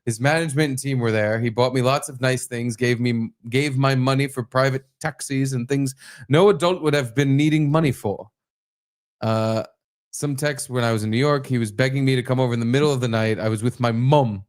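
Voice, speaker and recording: A man's voice: mid-range voice, a little fast. A man co-hosting a podcast, chatting casually and joking crudely while reading messages aloud in mocking voices. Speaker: podcast co-host.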